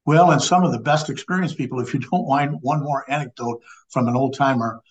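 A man's voice: medium pitch, brisk, highs cut off. A man in his seventies from Illinois, a guest on a podcast telling a long anecdote in a rambling way with many restarts. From Illinois, USA. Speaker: guest, former law enforcement official and Navy veteran. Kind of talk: conversational storytelling.

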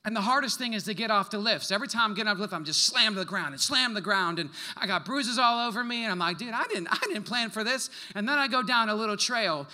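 A young adult man preaching a sermon to a congregation, telling stories in an animated way with quick asides and laughs. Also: sits high. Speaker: pastor.

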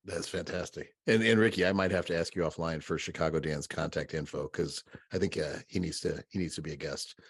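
A man's voice: sits low, fairly even intonation, a little fast, few pauses, slightly rough. A man hosting a podcast, chatting casually about watching football, rambling and repeating words, with fillers like "right" and "you know". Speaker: podcast host. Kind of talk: casual chat.

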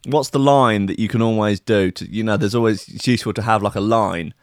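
A man hosts loose solo commentary, playful and full of swearing. His voice sits low. The sound is dry and close, with no room around it. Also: brisk, no room sound. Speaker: host.

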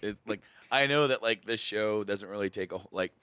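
A man's voice: lowish voice, brisk, bright, forceful tone, clean tone, dry recording. A man in casual chat, joking and emphatic.

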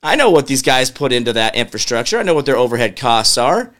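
A man's voice: medium pitch, very animated, quick pace, a bit bright. A man hosting a political commentary show, ranting in an exasperated way and firing questions at his audience. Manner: mutters to himself while working a computer. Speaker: show host.

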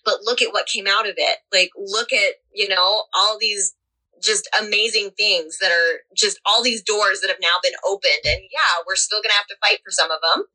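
Brief: young female co-host, bright tone, rambling fan chat. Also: mid-range voice, steady tone, normal speed, poor audio. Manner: rambling, many fillers and restarts. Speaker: podcast co-host. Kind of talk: casual chat about a TV series.

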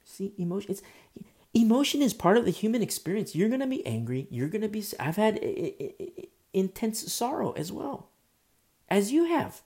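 A man's voice: high voice, sing-song, normal speed, darkish tone. A man preaching a sermon in an impassioned way, repeating himself, restarting phrases and making asides to the congregation.

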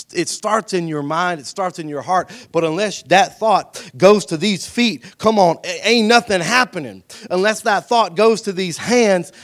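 A man preaching a sermon in a church, dropping to a hushed, intimate voice and then rising to shouted emphasis, often calling out to the congregation for a response. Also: sits high. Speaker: pastor. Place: church sanctuary.

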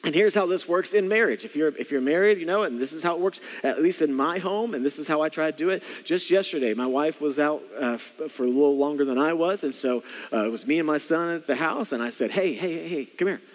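An earnest male pastor preaching with a fairly high voice. He circles back on his phrases and sinks to hushed, quiet words for emphasis. His voice rings with a long reverb, as if in a large church hall. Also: fast, few pauses. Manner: earnest, repeats phrases, drops to soft quiet tones for emphasis. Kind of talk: sermon.

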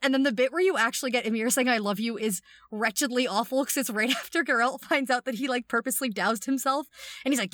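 Woman, podcast co-host, lively casual chat, a bit high, dry close sound. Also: fast, no room sound. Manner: animated, reads out quoted lines with dry voices.

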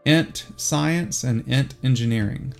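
Relaxed Southern man running a tabletop game. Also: medium pitch, gravelly, faint music behind. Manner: relaxed and easygoing, full of "uh" and "um" pauses. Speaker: game master.

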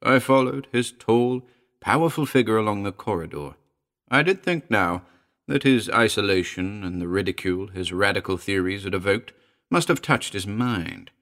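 A man reading a first-person story aloud as an audiobook narrator, in a measured storytelling manner. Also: on the low side, animated, fairly bright tone.

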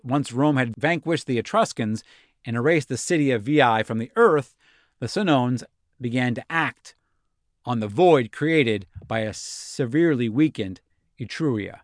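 A man's voice: mid-range voice, dry recording, studio quality. A man hosting a history podcast, narrating a scripted story with wry, sarcastic asides. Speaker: podcast host.

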